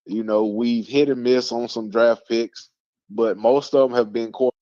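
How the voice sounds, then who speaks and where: A man's voice: mid-range voice, fairly even intonation, a little slow, dark tone, no echo. A man hosting a casual sports talk show, rambling with lots of fillers and restarts. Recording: dull lo-fi stream audio.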